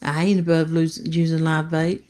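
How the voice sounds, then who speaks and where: A woman's voice: low voice, level tone, normal speed, a little mellow. A woman, laughing often and chatting casually while reading viewer comments on a fishing live stream. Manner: laughs often, short agreeing replies. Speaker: fishing channel co-host.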